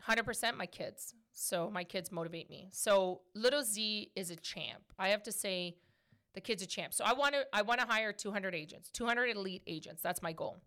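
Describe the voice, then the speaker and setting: A woman in her thirties hosting a podcast, answering questions in a chatty, animated way. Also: medium pitch, moderate pace. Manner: chatty, animated, laughs often. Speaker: podcast host. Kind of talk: casual podcast Q&A chat.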